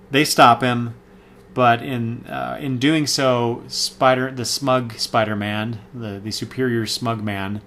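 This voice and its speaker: A man's voice: lowish voice, a bit bright, a little hiss or hum. Rambling man reviewing comics. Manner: rambling, many fillers and self-corrections. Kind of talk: casual spoken review.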